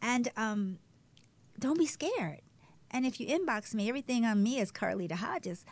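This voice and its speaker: A woman guest telling her personal story in a candid, animated way, dropping to a hush at times. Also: a little high, moderate pace. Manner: candid, animated, shifts between loud and hushed. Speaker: guest, breast cancer survivor. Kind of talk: emotional personal testimony.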